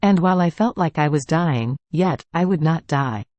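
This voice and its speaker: A reader of devotional writings, speaking in a calm, even, measured way as a steady scripted reading. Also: mid-range voice, no echo, muffled recording.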